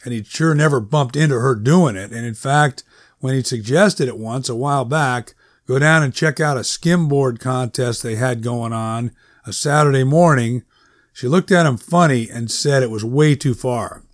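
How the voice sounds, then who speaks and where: A man's voice: medium pitch, normal speed, no room sound, clean studio sound. A man narrating a story in a conversational, wry storytelling manner. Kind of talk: audiobook narration.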